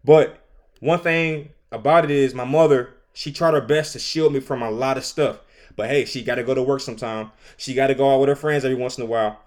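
A middle-aged man hosting a podcast, delivering an animated, opinionated solo commentary and laughing between his points. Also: mid-range voice, fairly quick. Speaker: podcast host.

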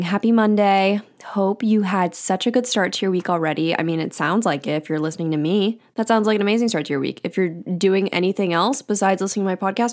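Rambling young woman podcast host. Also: medium pitch. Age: 20s. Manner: rambling and self-deprecating, heavy with "like" and "um". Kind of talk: casual solo podcast chat.

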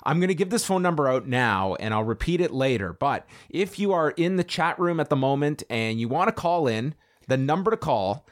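A man's voice: on the high side, big pitch swings, moderate pace. Dry, sarcastic male podcast host. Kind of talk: casual chat.

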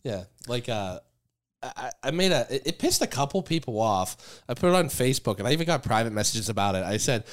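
A man in a loose podcast chat, ranting in a dry, profane way about comedy life. He sits at an ordinary middle pitch and talks with a sardonic edge. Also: sing-song, fairly quick. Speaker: comedian guest. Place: Chicago podcast studio.

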